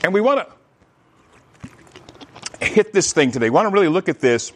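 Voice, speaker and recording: Animated preaching man, fairly high voice. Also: moderate pace. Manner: animated preaching with repeated restarts. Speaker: pastor. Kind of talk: sermon.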